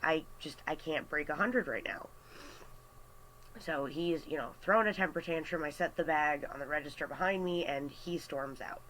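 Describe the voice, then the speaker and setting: A man telling a story on a casual vlog, animated and chatty with lots of fillers, into a computer mic. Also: on the high side, normal speed, a little hiss or hum, low-quality recording. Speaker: artist vlogger. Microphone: webcam or computer mic.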